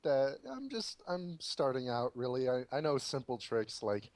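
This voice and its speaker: A man's voice: mid-range voice, sing-song, unhurried, no echo. A young man speaking as a player in a tabletop game, answering in character with plain, hesitant replies. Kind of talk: tabletop role-play.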